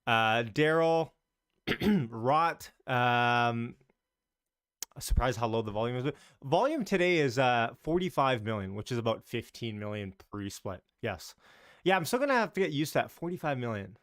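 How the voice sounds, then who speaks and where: A man's voice: medium pitch, lively intonation, normal speed, a bit bright, clean tone, no echo, clean studio sound. A man hosting a casual live stream about the market, chatty and loose, greeting viewers as he talks. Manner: talks in loose, restarting sentences.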